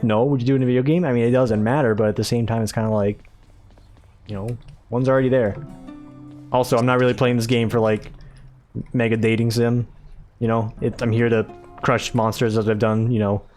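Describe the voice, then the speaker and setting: A man's voice: medium pitch, quick pace, a little mellow, faint music behind. A man hosting a gaming video, giving casual let's-play commentary with rambling, self-mocking asides.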